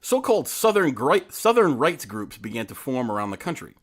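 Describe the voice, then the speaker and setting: A man co-hosts a relaxed podcast and talks at a quick clip in a mid-range voice. He frames history as a puzzle for his partner and keeps slipping jokes in along the way. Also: medium pitch. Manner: quick, joking storyteller who presents history with a teasing hook. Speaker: podcast co-host. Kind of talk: casual podcast chat.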